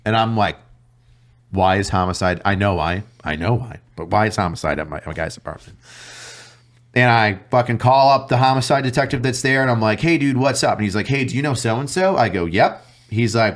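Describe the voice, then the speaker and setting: A man's voice: lowish voice, fairly quick. A man, a detective guest on a podcast, telling a work story casually, swearing and acting out both sides of conversations. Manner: animated, swears a lot, acts out dialogue in varied voices.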